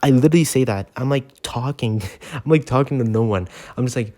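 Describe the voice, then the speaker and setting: A man's voice: medium pitch, fairly quick, dark tone. A man telling a casual story over gameplay, rambling with lots of "like" fillers and casual swearing. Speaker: gaming channel storyteller.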